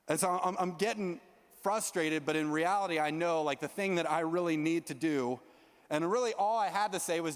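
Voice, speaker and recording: A young man giving a youth sermon as a story, animated and self-mocking as he acts out his own lines. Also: on the high side, moderate pace, clear, resonant tone. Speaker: youth pastor. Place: large church youth hall. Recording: long reverb of a large hall.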